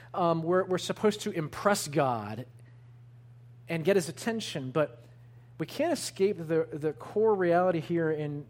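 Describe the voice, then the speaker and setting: A man preaching a sermon in an earnest, emphatic way, slowing to stress the words that matter. His voice sits a little higher than most men's. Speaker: pastor.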